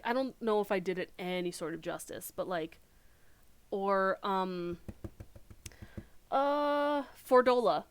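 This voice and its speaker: A woman game streamer chatting casually while she plays, excitable and rambling, full of fillers and quick bursts. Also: on the high side, clear, resonant tone. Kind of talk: casual chat while playing.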